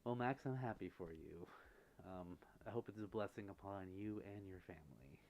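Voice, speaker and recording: Soft-spoken man hosting an ASMR chat. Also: sits low, moderate pace, highs cut off. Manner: reads out viewer messages and answers them gently. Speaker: livestream host. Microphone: close microphone.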